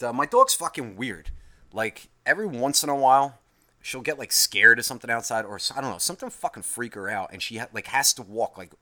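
A man's voice: on the low side, bright, forceful tone. A man telling a rambling everyday story in a casual comic monologue, swearing heavily. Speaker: host.

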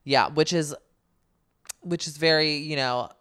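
A woman co-hosting a casual chat, talking quickly with jokes and asides. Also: sits low, steady tone, a bit bright, smooth. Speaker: podcast co-host. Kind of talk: casual chat about reality TV.

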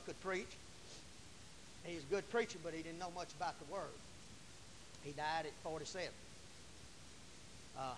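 A male Pentecostal preacher, folksy and fiery, preaching a sermon in church and shouting hallelujahs. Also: high-pitched. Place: church sanctuary. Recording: long church reverb, faint hiss.

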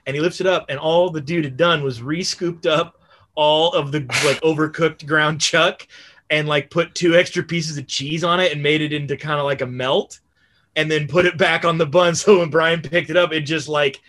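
A man's voice: on the high side, steady tone, moderate pace, a bit bright. A young man telling a casual, rambling story on a podcast, swearing freely and padding his sentences with "like.". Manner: rambling, profane, full of "like" fillers.

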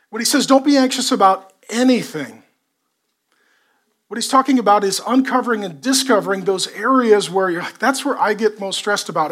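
High-voiced man preaching a sermon. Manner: lively preaching with repetition and rhetorical questions. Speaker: pastor.

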